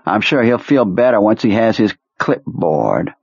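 A man voicing a cheerful, quietly menacing male military commander in an audiobook, his voice raised and breezy. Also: on the low side, sing-song, a little slow, creaky, husky, no room sound, muffled recording, full character voice. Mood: commanding. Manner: breezy, jovial, quietly sinister.

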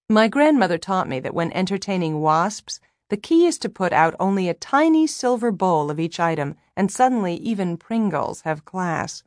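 A woman's voice: on the low side, lively intonation, moderate pace, hardly any pauses, darkish tone, no echo, clean studio sound. Wry woman narrating an audiobook. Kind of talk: first-person novel narration.

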